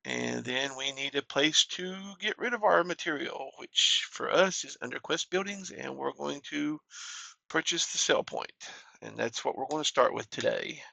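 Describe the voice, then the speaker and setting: A man hosting a gaming channel, talking through a mining game in a relaxed, plain-spoken way at a desk mic. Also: mid-range voice, moderate pace, creaky, no room sound. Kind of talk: casual game commentary.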